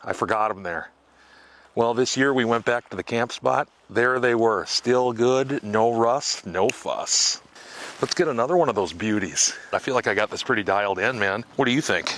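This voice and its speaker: A man's voice: mid-range voice, moderate pace, fairly bright tone. Man, casual outdoor vlog, joking, self-mocking, woods, faint background noise. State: out of breath at times. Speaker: outdoor vlogger.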